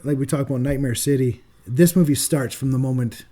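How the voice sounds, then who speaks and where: A man co-hosting a podcast, casually reviewing films with animated retelling and loose swearing. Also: mid-range voice, a little fast. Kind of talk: casual film review chat.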